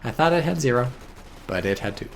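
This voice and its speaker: A man giving casual, excitable commentary on a strategy game, swearing and reading chat aloud. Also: medium pitch, brisk, gravelly, slight background noise. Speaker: game caster.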